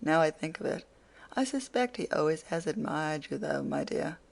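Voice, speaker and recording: An audiobook reader playing a gentle, meek little father who answers mildly and soothingly. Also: mid-range voice, expressive, moderate pace, vocal fry. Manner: mild, soothing and agreeable.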